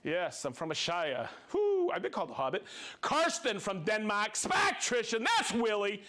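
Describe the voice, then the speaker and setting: Man, livestream host, upbeat, cheering, animated, reading viewer shout-outs. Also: high-pitched, normal speed. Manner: upbeat, cheering, chatty asides.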